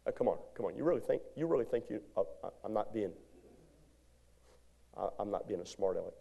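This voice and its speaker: A male pastor preaching a sermon in a church, animated, moving from shouts to hushed lines and calling out to the congregation. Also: lowish voice, fairly quick, gravelly, slightly rough, highs cut off. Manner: call-and-response exhortation to congregation. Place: church sanctuary.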